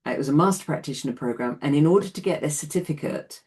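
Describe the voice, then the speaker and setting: A woman's voice: low-pitched, quick pace, a little mellow. A woman in her late sixties teaching an online class in a chatty way, often laughing between points. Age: 60s.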